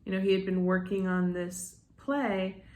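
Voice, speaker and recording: A middle-aged woman speaks slowly and unhurriedly, rambling through a casual monologue and often stopping to restart her sentences. Her voice carries a noticeable room echo. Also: mid-range voice, fairly even intonation, a little mellow. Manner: rambling, addresses viewers as "you guys", many restarts. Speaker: medium and channel host.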